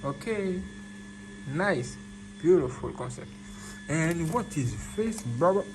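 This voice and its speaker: Male vlogger, slow excitable unboxing delivery, phone-recorded with a noisy background. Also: a little high. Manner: excitable, repeats himself, exclaims in disbelief. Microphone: phone camera.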